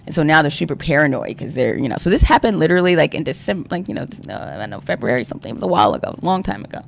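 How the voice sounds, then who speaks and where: A man's voice: on the high side, big pitch swings, rapid-fire, creaky, slight background noise. A young adult man talking on a livestream, exasperated and rambling, full of fillers and swearing. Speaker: streamer. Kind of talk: ranting livestream talk.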